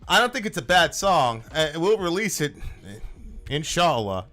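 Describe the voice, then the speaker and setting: A young man co-hosting a podcast, chatting casually and bursting into loud impressions. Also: a little high, big pitch swings, moderate pace. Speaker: podcast co-host. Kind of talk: casual reaction chat.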